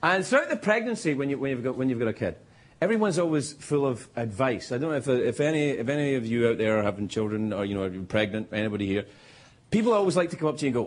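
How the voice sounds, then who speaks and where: A man's voice: medium pitch, lively intonation, racing. A middle-aged man, a late-night host giving a stand-up monologue, rambling and self-interrupting and chuckling at his own jokes, with audience laughter behind him. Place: TV studio with live audience. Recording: noisy studio audio with crowd laughter.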